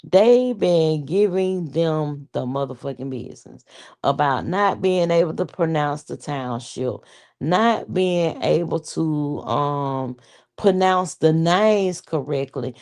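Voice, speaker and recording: A woman livestream host chats casually with her viewers, swearing freely and breaking into laughter often. Her voice sits on the low side and stays animated throughout. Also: takes it slowly. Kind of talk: casual chat.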